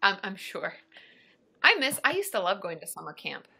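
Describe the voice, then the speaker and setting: A young woman, a therapist hosting a casual livestream, chatting brightly and answering viewer questions. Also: mid-range voice, sing-song, moderate pace, vocal fry, husky.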